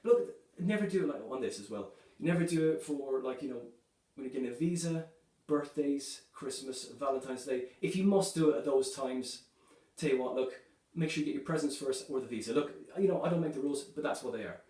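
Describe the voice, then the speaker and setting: A man performing a stand-up comedy set, delivering dark jokes in a loose, chatty way, filling his lines with "you know" and "right". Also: medium pitch, brisk. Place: comedy club stage. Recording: echoey room, voice from a distance.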